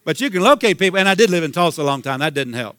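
A man's voice: on the high side, fairly bright tone. A man preaching a sermon with a Southern US accent, fervent and repetitive, calling out hallelujah. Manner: fervent, repeats himself, calls out hallelujah.

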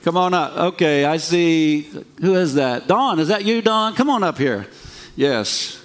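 A man leads a church service with an upbeat, encouraging manner. His voice sits a little high for a man. He laughs lightly between his phrases as he calls people up to speak. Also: expressive, unhurried. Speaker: pastor.

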